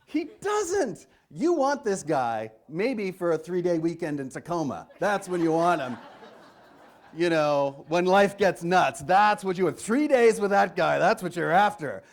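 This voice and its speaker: On stage in a large hall, a man gives a stand-up keynote to a live audience through a stage microphone, his pitch rising and falling animatedly as he tells his story. He takes his time, acting out both sides of a conversation with his doctor.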